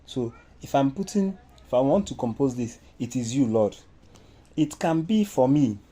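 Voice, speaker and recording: Man teaching music, very dark voice. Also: medium pitch, lively intonation, normal speed. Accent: Nigerian English. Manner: explains step by step, sings solfa syllables. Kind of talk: informal music lesson with sung examples.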